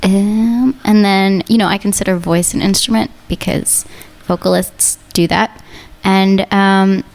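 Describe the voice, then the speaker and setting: A woman guesting on a comedy radio show, playful and flirty, quick to laugh. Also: mid-range voice, steady tone, darkish tone. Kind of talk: casual comedy radio chat. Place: radio studio.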